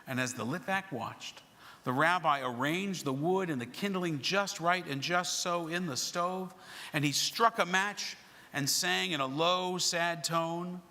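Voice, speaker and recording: A man narrates a story with dramatic, expressive turns and then leads prayers. His voice is bright and a little high, and the long echo of a sanctuary surrounds it. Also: a little slow. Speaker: service leader. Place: synagogue sanctuary. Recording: reverberant sanctuary recording.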